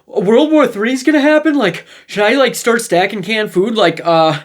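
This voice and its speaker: A man's voice: sits high, pitched above the performer's own voice, close to an everyday voice. A man putting on a frantic, panicked guy. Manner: frantic, rapid questions with stammering fillers.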